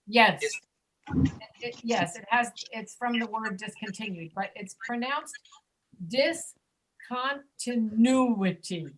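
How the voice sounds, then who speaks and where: A woman's voice: fairly high pitch, fairly bright tone, a little hiss or hum, low-quality recording. Patient woman drilling pronunciation. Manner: patient, repeats words slowly for drilling. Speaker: ESL pronunciation teacher. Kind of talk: online class instruction. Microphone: video call.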